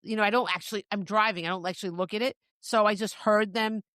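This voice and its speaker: A woman's voice: mid-range voice, fairly even intonation, quick pace, fairly bright tone, no room sound, studio quality. A woman co-hosting a podcast, chatting casually and often restarting her sentences. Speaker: podcast co-host. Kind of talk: casual chat.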